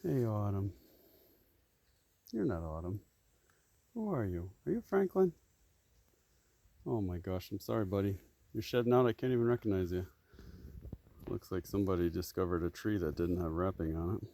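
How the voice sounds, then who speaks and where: A man chatting softly to his farm animals outdoors, doting and coaxing, filmed on a phone. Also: low voice, animated, moderate pace, pauses often, a little hiss or hum. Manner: soft, doting, coaxing baby talk. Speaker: farmer talking to his animals. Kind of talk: casual chat to animals. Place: outdoors on a farm, shady pasture.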